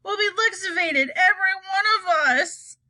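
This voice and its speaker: A fretful old grandmother who wails at every danger, acted by a woman reading aloud. Her voice is high and bright and lurches up and down. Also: wildly swooping pitch, a little slow, exaggerated voice, low-quality recording. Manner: wailing, dramatic.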